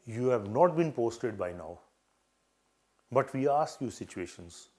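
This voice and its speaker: During a live advice session, an older man with an Indian English accent acts as an interview coach, offering earnest, repetitive advice and acting out short exchanges. His mid-range voice is a little mellow and slightly slow, with lively intonation.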